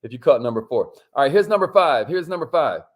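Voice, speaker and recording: A man hosting a casual livestream, lively and slangy, calling out to viewers and sometimes dropping his voice low to make a point. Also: fast talker. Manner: lively, hypes up viewers and reads their comments; drops to a near whisper to make a point. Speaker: host.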